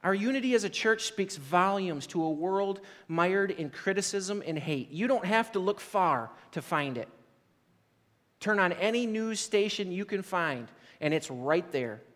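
A man's voice: high voice, animated, a little slow, a bit bright, big-room sound. A man preaching a sermon as a pastor, telling stories in a casual, conversational way and often checking in with "right?". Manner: conversational storytelling, frequent "like" and "right?".

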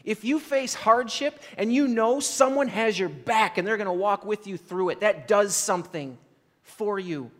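A man's voice: high-pitched, normal speed, fairly bright tone, big-room sound. A man preaching a sermon as a pastor, telling stories in a casual, conversational way and often checking in with "right?". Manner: conversational storytelling, frequent "like" and "right?".

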